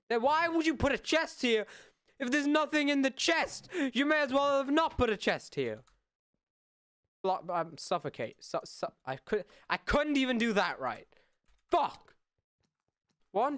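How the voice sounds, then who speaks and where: A young man in his late teens giving casual gameplay commentary, swearing a lot and swinging between loud outbursts and mumbled asides. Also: high-pitched, clear, resonant tone, no room sound. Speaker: gaming YouTuber.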